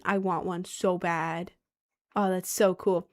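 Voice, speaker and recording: A young woman from Maryland chatting casually on a live stream, gushing excitedly and reading the chat aloud. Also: on the low side, slow pace. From Maryland, United States.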